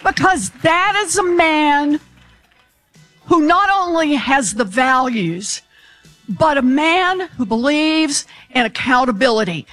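Woman for a campaign clip, rallying and emphatic, lively swooping pitch. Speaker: political ad speaker. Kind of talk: campaign ad endorsement.

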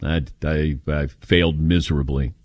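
A man's voice: a bass voice, moderate pace, no room sound, clean studio sound. A middle-aged man hosting a call-in talk show, telling stories in a casual chat and acting out the quotes in them. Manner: animated storytelling, acts out quotes. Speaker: radio show host taking calls.

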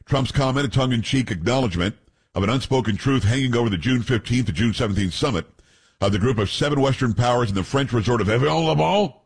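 A man's voice: mid-range voice, fast, slightly rough. A man hosting talk radio, reading news stories aloud and breaking in with blunt, opinionated asides.

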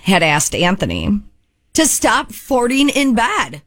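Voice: mid-range voice, huge pitch swings, slow, fairly bright tone, dry recording, clean studio sound. A morning radio co-host who reads out odd news stories with wry, teasing asides. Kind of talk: casual radio banter.

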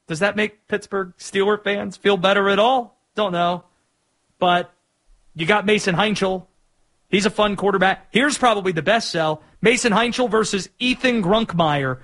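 High-voiced sports radio host. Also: male voice, normal speed. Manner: energetic, opinionated, hypes matchups.

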